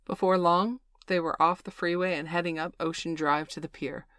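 A woman reads a novel aloud in a steady, measured manner. Her voice sits low, and the sound is dry and close with no room around it. The tone is plain audiobook narration. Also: no room sound.

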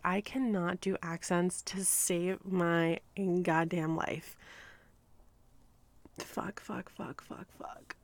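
A woman in her thirties answering questions in a casual solo monologue, soft-spoken, often slipping into whispers and swearing freely. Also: on the low side, no room sound. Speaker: audio erotica creator.

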